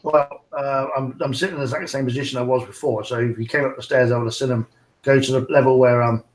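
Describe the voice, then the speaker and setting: A man's voice: mid-range voice, steady tone, fast. A man with a mid-range voice chats through a tabletop game, reasoning aloud about what he sees. His voice carries a roomy echo. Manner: chatty, thinks aloud. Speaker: player. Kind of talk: casual tabletop game chat.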